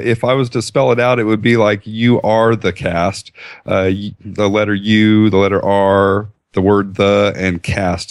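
A man's voice: mid-range voice, dry recording, clean studio sound. A man co-hosting a tech podcast, explaining in a rambling, chatty way with frequent restarts and chuckles. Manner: rambling, self-correcting, chuckling. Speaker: podcast co-host. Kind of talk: casual chat.

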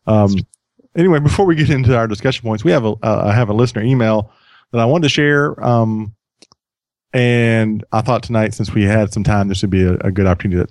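A man's voice: on the low side, darkish tone, no echo. A man hosting a podcast in casual chat, rambling and self-deprecating, often restarting his sentences. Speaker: podcast host.

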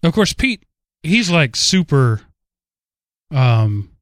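A man with a Southern US accent hosts a casual podcast, rambling along in a stream of consciousness and poking fun at himself. His voice sits a little high. The sound is dry, with no room around it. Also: big pitch swings, takes it slowly, a bit bright, no echo. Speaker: podcast host.

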